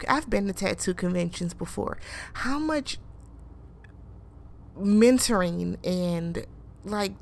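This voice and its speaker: Incredulous woman recapping drama. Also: medium pitch. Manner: animated, incredulous, rhetorical questions; acts out quoted people. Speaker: show recapper. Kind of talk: casual recap commentary.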